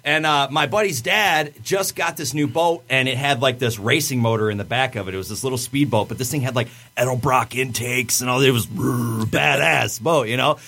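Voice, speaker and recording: A man's voice: medium pitch, brisk, hardly any pauses, sharp tone. A man co-hosting a podcast, telling self-mocking stories in casual chat and swearing freely. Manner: crude joking storyteller, swears freely. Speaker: podcast co-host.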